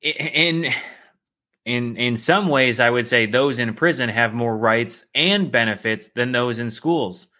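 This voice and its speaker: A man's voice: mid-range voice, unhurried, sharp tone. A man co-hosting a podcast, chatting about politics with dry sarcasm. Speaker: podcast co-host. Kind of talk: casual political chat.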